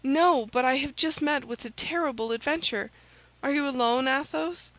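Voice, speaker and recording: A woman's voice: sits high, moderate pace, fairly bright tone, no echo, voice pushed up, poor audio. Woman doing an agitated young swordsman, audiobook, urgent.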